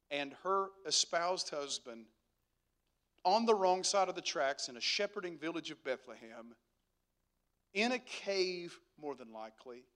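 A man preaches a sermon as a pastor, emphatic and repeating phrases for effect while posing rhetorical questions. His voice is high-pitched and a bit bright.

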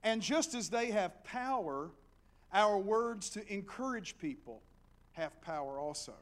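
A middle-aged man preaches with an Appalachian accent, in a voice set a little high for a man. He moves from quiet, close storytelling to loud, rousing exhortation. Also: unhurried. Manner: animated, with big swings between hushed storytelling and loud exhortation. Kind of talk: sermon.

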